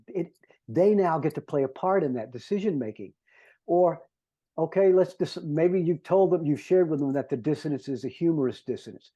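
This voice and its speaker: A man's voice: on the high side, expressive, moderate pace, mellow, slightly rough, lo-fi sound. A man, a composer, earnestly explaining his scores to conductors and humming melodies to make his points. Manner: earnest teacher who hums melodies to illustrate.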